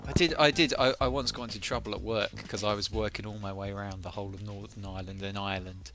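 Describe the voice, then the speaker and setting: This fast-talking streamer has a lowish voice with a steady tone. Playing a game live with its music in the background, he offers rambling, self-deprecating commentary punctuated by silly voices.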